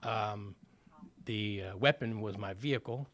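A man's voice: fairly low pitch, measured pace, a bit bright. Guy telling his recovery story, chatty, lots of uh's, plays out the back-and-forth. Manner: conversational, many fillers, acts out quoted dialogue. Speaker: speaker sharing a recovery story. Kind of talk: personal storytelling testimony.

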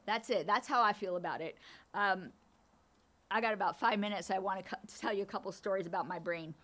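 Woman in her fifties, candid storyteller at a meeting mic, bright crisp voice. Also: medium pitch, fairly quick. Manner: candid, storytelling, laughs often. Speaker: AA meeting speaker. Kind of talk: personal recovery share. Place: meeting room.

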